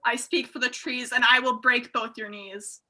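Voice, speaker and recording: Woman doing a super bright angry little tree creature, high and blunt. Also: steady tone, normal speed. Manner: blunt, shouty threats. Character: furious knee-breaking tree guardian creature. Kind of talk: improv comedy.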